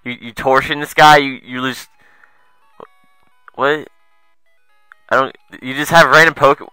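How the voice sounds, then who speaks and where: A young man doing let's play commentary, excitable and foul-mouthed, muttering asides and then yelping at the game. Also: mid-range voice, measured pace, pauses often, smooth, no echo, faint music behind, low-quality recording. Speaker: gamer.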